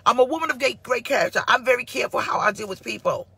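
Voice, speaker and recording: Sassy, husky woman preacher going live. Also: on the high side, quick pace, dry recording. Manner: sassy and animated, chatting back to online viewers. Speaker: pastor. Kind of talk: casual live-streamed sermon talk. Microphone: phone or computer mic for live stream.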